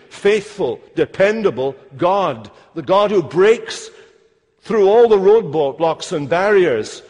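A man preaching a sermon, slow and emphatic, stressing key phrases. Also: a little high. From Scotland. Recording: long hall reverb.

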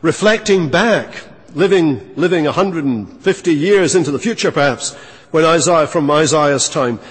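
A man's voice: fairly high pitch, breathy edge. A man preaching a sermon as a pastor, earnest and emphatic, repeating key phrases for weight. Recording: long reverb of a church hall.

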